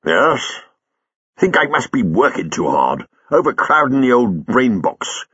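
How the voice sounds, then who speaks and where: A man's voice: medium pitch, big pitch swings, unhurried, a bit bright, breathy edge, dry recording, lo-fi sound, voice pushed up, heavily acted. A man voicing a jovial, blustering old male theatre manager who jokes and chuckles in a florid way. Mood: flustered.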